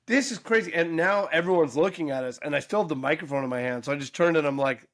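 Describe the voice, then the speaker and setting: A man's voice: fairly high pitch, fast talker, dry recording, clean studio sound. A man in his forties, a podcast co-host, telling a story in casual chat and acting out the quoted voices. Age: 40s.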